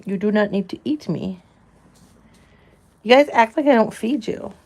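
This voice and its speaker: A woman's voice: medium pitch, expressive, normal speed, creaky, a little mellow. Playful woman cooing at farm animals. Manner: cooing baby talk to animals, playful teasing. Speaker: farm vlogger. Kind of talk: casual chat to animals.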